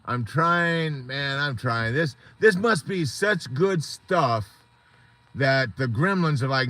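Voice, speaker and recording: A man's voice: fairly high pitch, animated, slow, pushed and bright. A man hosting a support group on a live stream, talking in an earnest, rambling, motivational way.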